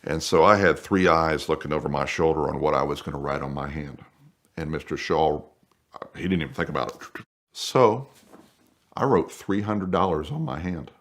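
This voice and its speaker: Male storyteller, deep voice, lively anecdotal telling. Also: moderate pace. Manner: animated, acts out voices in quotes. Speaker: guest storyteller. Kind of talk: casual spoken anecdote.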